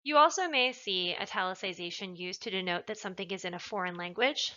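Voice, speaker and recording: Bright-voiced woman explaining punctuation. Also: mid-range voice, brisk, muffled recording. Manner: clear, explanatory, leans on stressed words. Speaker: writing tutor. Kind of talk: recorded lecture narration.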